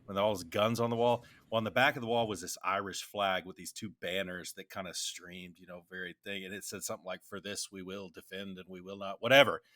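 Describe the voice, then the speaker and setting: A man's voice: low voice, flat delivery, a little fast, few pauses, pushed and bright, no room sound. A middle-aged man, a military veteran and podcast co-host, telling rambling anecdotes with lots of restarts. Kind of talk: casual conversational storytelling.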